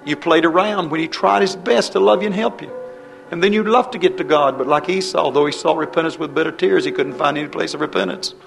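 A man preaching a fervent revival sermon, impassioned and pleading, his voice rising into high cries. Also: fast talker, vocal fry, over music.

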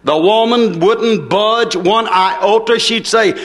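A fiery male preacher with a notably high-pitched voice. His delivery is folksy and emphatic, dropping into quiet asides before pushing forceful declarations to the congregation. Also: slow, few pauses. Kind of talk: fiery sermon.

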